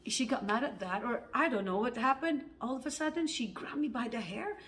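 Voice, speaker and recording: A woman's voice: fairly high pitch, a little fast, fairly bright tone, slight background noise. Woman, audition self-tape, chatty anecdote, acts out the quotes, filler-heavy. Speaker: actor auditioning. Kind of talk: casual storytelling to camera.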